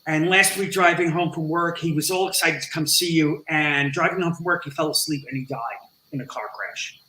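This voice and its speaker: A man who is a guest on an interview podcast, telling a story with animated, acted-out dialogue. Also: fairly high pitch, fairly quick, reverberant, a little hiss or hum, low-quality recording. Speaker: interview guest, nonprofit founder.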